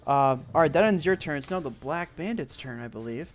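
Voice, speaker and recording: A man's voice: on the high side, animated, fairly quick. Rambling male game master. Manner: rambling, many fillers. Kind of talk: narrating a tabletop game. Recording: dull lo-fi stream mic with music.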